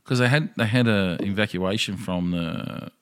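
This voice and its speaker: A man's voice: fairly low pitch, moderate pace, fairly bright tone, smooth. Laid-back, sweary Australian man. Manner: laid-back, swears and reads out news items. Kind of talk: casual chat.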